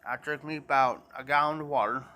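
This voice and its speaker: A man's voice: mid-range voice, steady tone, a little fast, sharp tone. A man telling a rambling, repetitive story to viewers in a casual live stream. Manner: rambling, repeats himself, talks straight to viewers.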